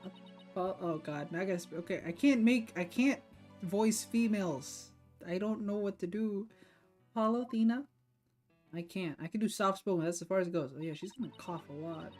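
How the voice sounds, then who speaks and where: A woman's voice: on the low side, fairly quick, darkish tone, faint music behind. A woman streamer giving casual gameplay commentary, chatty and self-deprecating, laughing often, her voice a little sore. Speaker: streamer playing a game.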